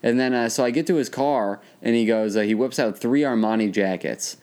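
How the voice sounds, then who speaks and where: A man's voice: mid-range voice, a little fast, a little mellow. A young man telling stories in casual chat, often laughing and acting out other people's voices. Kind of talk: casual storytelling.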